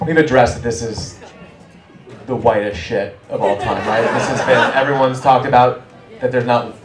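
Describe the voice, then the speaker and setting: A man doing stand-up crowd work, brash and teasing, firing quick jabs at audience members. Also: medium pitch, fairly even intonation, music in the background. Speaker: stand-up comedian. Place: small comedy club. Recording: roomy club from a distance, crowd laughter. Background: audience laughing.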